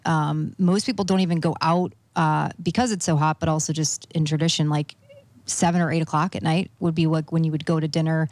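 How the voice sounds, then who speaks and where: Brief: middle-aged woman, talk-show guest, animated storyteller, slightly low voice, dry close mic. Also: no echo. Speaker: guest telling a travel story. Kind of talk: casual chat.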